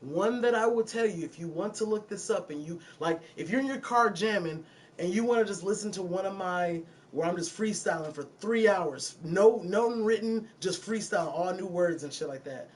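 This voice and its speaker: High-voiced Detroit man chatting loosely. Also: moderate pace. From Detroit, USA. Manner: loose, profane, frequent laughing asides. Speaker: music producer streaming to viewers. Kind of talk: casual livestream chat. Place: recording studio.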